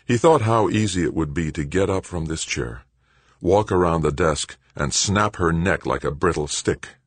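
A man reading an audiobook in a measured, dramatic narration. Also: extremely low pitch, husky, no room sound. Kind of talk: scripted narration.

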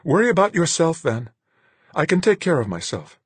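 A man's voice: medium pitch, lively intonation, normal speed, breathy edge, dry recording, pitched above the performer's own voice. A man reading a story, voicing a cold, proud young woman who answers in icy, cutting tones. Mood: venomous. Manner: icy, cutting, sharply raised voice.

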